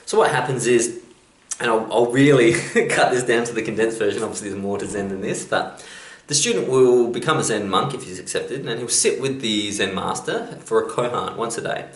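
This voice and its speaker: Chatty man, lowish voice. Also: roomy sound. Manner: chatty storyteller. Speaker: self-help vlogger. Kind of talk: motivational talk.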